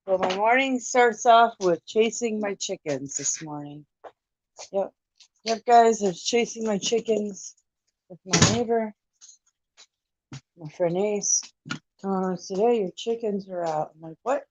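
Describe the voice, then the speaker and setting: A woman's voice: medium pitch, animated, a little slow, pauses often, lo-fi sound, noisy background. A woman chatting casually to her viewers in a morning vlog, rambling with lots of restarts. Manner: rambling, talks to viewers and animals, many restarts. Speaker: vlogger.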